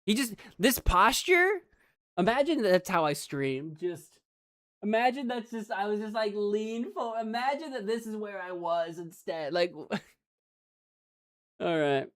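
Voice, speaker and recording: An American woman streaming a video game, rambling in an animated, giggly way. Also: mid-range voice, unhurried, dry recording, studio quality. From United States. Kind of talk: casual let's play commentary.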